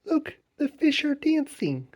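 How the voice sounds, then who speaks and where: A man voicing an excitable young schoolboy who often whispers, in a children's storybook read-aloud. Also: very high voice, slow, pitched above the performer's own voice, exaggerated voice. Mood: eager. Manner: often whispering, wide-eyed and eager.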